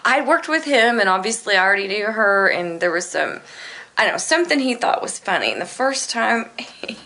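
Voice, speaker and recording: A woman voice actor co-hosting a podcast, telling quick anecdotes with plenty of laughter in casual chat. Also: mid-range voice, big pitch swings, sharp tone.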